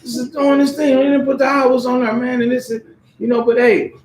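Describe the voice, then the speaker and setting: High-voiced man preaching in an echoey hall. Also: level tone, a little fast, darkish tone, a little hiss or hum. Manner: conversational, street-casual preaching with acted voices and laughter. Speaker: pastor. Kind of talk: sermon with acted examples. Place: church hall.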